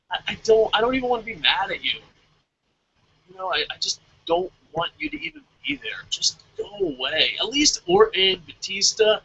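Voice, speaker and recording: A man's voice: high-pitched, gravelly, bright, forceful tone, breathy edge, dull audio. A man ranting with heavy profanity and exasperation on a casual wrestling podcast. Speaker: podcast co-host.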